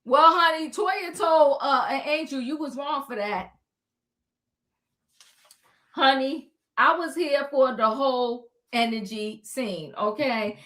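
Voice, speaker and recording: A woman co-hosting a reality show recap, chatting casually and acting out the cast's quotes in a slangy, animated way. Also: sits high, takes it slowly. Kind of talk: casual chat.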